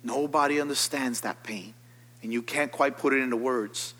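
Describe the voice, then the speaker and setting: A man's voice: steady tone, moderate pace. Fervent preaching man in a reverberant hall. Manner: preaching, climbs high and loud when fervent. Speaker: pastor. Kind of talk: sermon.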